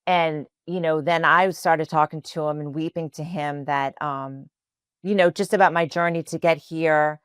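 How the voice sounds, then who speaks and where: Low-voiced woman, native Spanish speaker. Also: steady tone, moderate pace, clear, resonant tone, no echo, studio quality. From New Orleans, USA. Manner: earnest, emotional, many fillers. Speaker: podcast guest. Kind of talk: personal faith storytelling.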